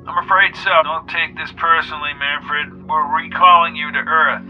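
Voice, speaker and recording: A man reading aloud as a calm male official delivering orders firmly. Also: a little high, moderate pace, highs cut off, faint music behind, natural voice. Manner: firm, level, apologetic.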